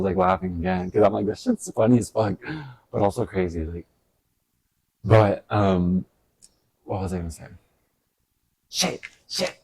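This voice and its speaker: Guy rambling on a vlog, husky and kinda low, swears a lot, laughs at his own jokes. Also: a little mellow, no room sound. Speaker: vlogger. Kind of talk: casual stream-of-thought monologue.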